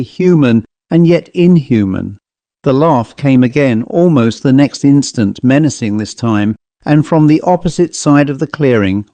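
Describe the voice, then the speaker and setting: A man narrating a ghost story as an audiobook, in a measured, steady way. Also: medium pitch, dry recording.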